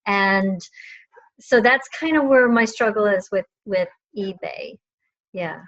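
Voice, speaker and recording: A woman entrepreneur, a mother of teenagers, talking as a guest in a relaxed, thoughtful way. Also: mid-range voice, takes it slowly, muffled recording. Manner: relaxed, thoughtful, laughs lightly. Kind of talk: casual interview chat.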